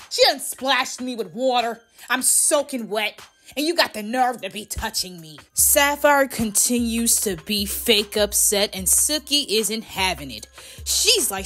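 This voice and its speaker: A woman giving a casual, animated and profane recap of a reality show, full of opinions. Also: on the high side. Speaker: reality TV commentator.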